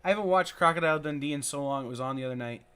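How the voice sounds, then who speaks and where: A man's voice: on the high side, very fast, a bit bright, clean tone. A man on a convention panel, telling wry anecdotes in casual chat over a video call.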